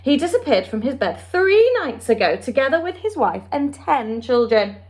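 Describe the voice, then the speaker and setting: A woman reading the part of a blunt, matter-of-fact sultan who speaks slowly. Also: high-pitched, big pitch swings, a little mellow, pitched above the performer's own voice.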